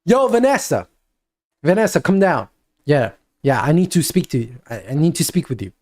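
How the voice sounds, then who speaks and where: A man's voice: on the high side, very animated, moderate pace, a little mellow, no echo, clean studio sound. A man playing a pleading parent, insistent. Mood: coaxing. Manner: coaxing, insistent, repeats himself. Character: earnest pleading parent talking to a daughter.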